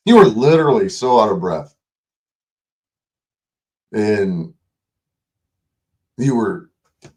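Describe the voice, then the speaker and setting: A man with a lowish, slightly mellow voice hosts a late-night livestream. He rants at another online creator in a combative, mocking, profane way.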